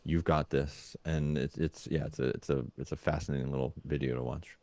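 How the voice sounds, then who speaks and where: A man's voice: rumbling low, fairly even intonation, quick pace, warm tone, no room sound, clean studio sound. A man co-hosting a parenting podcast, thinking aloud in casual chat with lots of fillers and restarts. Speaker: podcast co-host.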